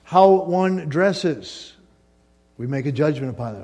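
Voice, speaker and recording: A man preaching a sermon as pastor, animated, acting out the voices of doubting listeners. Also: on the high side, slow pace.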